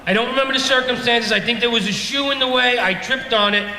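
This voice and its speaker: A man's voice: extremely high pitch, fast, bright, forceful tone. A middle-aged man doing a stand-up comedy set in a club, ranting in an exasperated, self-mocking way. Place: comedy club stage with laughing audience. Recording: echoey club room with reverb.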